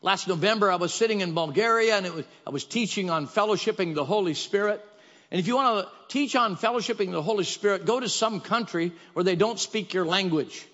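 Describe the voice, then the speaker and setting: A man's voice: sits high, fairly quick, fairly bright tone. A man preaching a sermon in a church sanctuary, talking in an emphatic, repetitive, exhorting way. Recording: dull echoey church hall.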